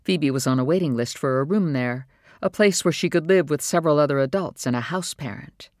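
Casting: steady audiobook narrator, even pace, dry booth sound. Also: medium pitch, dry recording. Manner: calm, measured storytelling.

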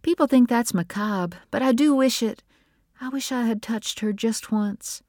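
A woman voicing a quiet, grieving young mother in a read story, earnest and tender. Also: a little high, measured pace, no room sound, studio quality, voice pushed up, natural voice.

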